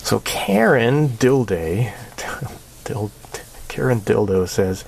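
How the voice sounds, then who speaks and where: Low-voiced, sarcastic rambling man. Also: lively intonation, drawn-out words, creaky, a little mellow, breathy edge. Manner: rambling and sarcastic, laughs often. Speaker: channel host. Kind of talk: casual monthly channel update.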